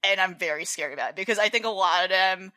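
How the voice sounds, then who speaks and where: A woman's voice: medium pitch, fast, pushed and bright. A woman co-hosting a game podcast in casual chat, rambling with many fillers and restarts. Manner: rambling, lots of fillers and restarts, laughs often. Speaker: podcast co-host.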